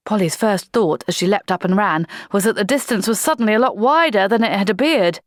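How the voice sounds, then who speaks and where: A woman reading a comic fantasy audiobook in a measured, dramatic narration. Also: medium pitch, no room sound, studio quality.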